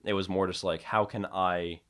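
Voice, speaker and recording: A man in casual podcast chat, rambling and acting out film scenes in a hushed voice. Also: low voice, little pitch movement, moderate pace. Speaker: podcast co-host. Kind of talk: casual chat about horror films.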